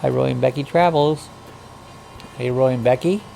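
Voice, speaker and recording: A man's voice: medium pitch, normal speed, vocal fry, warm tone, soft background music. A man hosting a casual livestream chat, reading viewer comments aloud and greeting people in a folksy, rambling way. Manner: rambling, frequent uh fillers. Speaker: livestream host.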